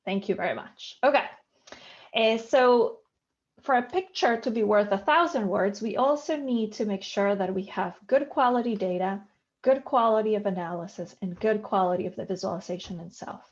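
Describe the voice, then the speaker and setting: A woman's voice: medium pitch, normal speed. Woman lecturing on a muffled video call. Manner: explanatory, poses rhetorical questions. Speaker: workshop presenter. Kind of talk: online workshop lecture.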